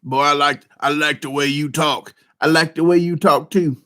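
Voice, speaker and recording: A man doing an impression of a slow-witted Southern man from a film, with a low grunting drawl and murmured "mm" sounds. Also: fairly even intonation, bright, forceful tone, smooth. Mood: slow, menacing.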